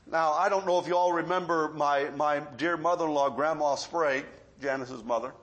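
Middle-aged pastor, high voice, folksy storytelling preacher who drops to hushed asides. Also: male voice, fairly even intonation, moderate pace, lo-fi sound. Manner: storytelling preacher, swings between loud emphasis and quiet asides. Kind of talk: sermon.

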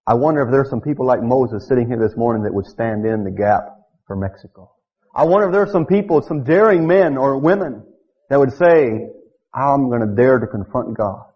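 A middle-aged man preaching a sermon. He reads scripture emphatically and builds to loud declamation. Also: mid-range voice, animated, normal speed. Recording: dull lo-fi church recording.

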